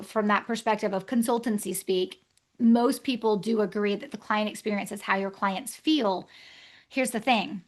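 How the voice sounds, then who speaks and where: A woman guest on a podcast interview with a fairly high voice, explaining ideas with brisk energy. She often slips into playful enacted back-and-forth dialogue as she talks. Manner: energetic, acts out client dialogues. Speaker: guest author.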